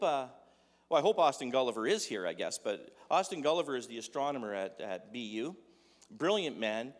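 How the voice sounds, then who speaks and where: A man giving a humorous sermon in a conversational, joking way, full of rhetorical questions. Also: medium pitch. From Dutch heritage. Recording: echoey hall with long reverb.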